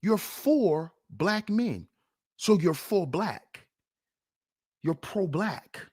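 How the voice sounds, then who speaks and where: A man's voice: sits high, expressive, drawn-out words, breathy edge. Fired-up man preaching on a livestream. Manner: preachy, rhetorical, swings from loud to sarcastic mutter. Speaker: livestream host.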